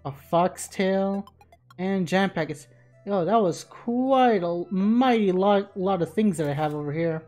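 A woman playing a video game, giving casual commentary in an excitable way, swearing freely. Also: medium pitch, slow, faint music behind. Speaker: let's play gamer.

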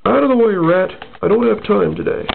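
A man voicing a tough, gruff armored male super-soldier who tosses off sarcastic quips. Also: high-pitched, a little fast, slight background noise, pitched above the performer's own voice. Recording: tinny lo-fi phone-like sound.

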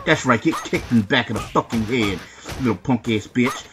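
A man giving live fighting-game commentary, boasting and trash-talking the opponent with heavy profanity, often shouting. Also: medium pitch, normal speed. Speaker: gameplay commentator.

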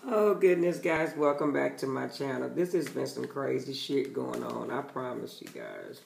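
Man, tarot reader, casual vlog, blunt, emphatic, swears, gravelly voice, echoey room. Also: mid-range voice, big pitch swings, a little slow, a little hiss or hum.

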